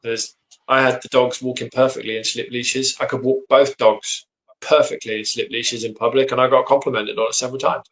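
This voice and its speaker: A man, a dog trainer, explaining his methods in an earnest, steady way from his home office. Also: mid-range voice, fairly quick, rough recording. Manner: earnest, explanatory, lots of agreeing 'yep'. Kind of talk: casual conversation.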